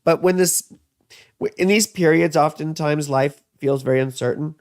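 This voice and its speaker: A man's voice: on the high side, moderate pace, darkish tone, no room sound, studio quality. A man in his thirties giving a casual, rambling astrology and tarot reading, full of asides and fillers.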